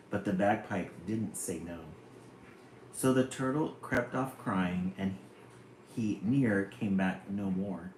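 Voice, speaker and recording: Slow playful man reading poems. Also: lowish voice, a little mellow. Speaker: live stream host. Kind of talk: reading children's poems aloud on a live stream. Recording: roomy room, faint hum.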